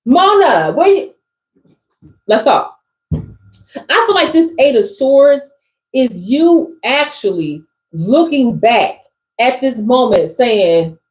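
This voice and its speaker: A woman's voice: sits high, very animated, slow pace, pauses often, darkish tone, rough recording. A woman with an East Coast accent, reading tarot cards live in an emphatic, slangy way that repeats phrases. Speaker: spiritual coach reading tarot for a live audience.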